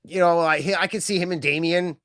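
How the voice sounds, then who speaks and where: This podcast co-host's voice sits on the high side, with fairly even intonation and a fairly quick pace. He rambles casually about wrestling, leaning on fillers and quoted asides. The tone is fairly bright and the studio sound is clean, with no room sound.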